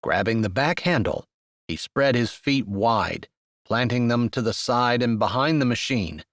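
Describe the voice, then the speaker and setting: A man reading a romance audiobook aloud in expressive, measured storytelling narration. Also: mid-range voice, no echo, clean studio sound. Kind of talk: scripted narration.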